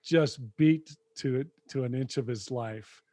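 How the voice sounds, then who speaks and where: A man co-hosting a podcast, retelling film scenes in a lively conversational way. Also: mid-range voice, slow pace, dry recording. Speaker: podcast co-host. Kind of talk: casual conversation.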